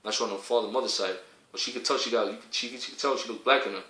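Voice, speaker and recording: A man delivering a heated, profane preaching rant, repeating himself and rising to shouts. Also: medium pitch, fast, reverberant, rough recording.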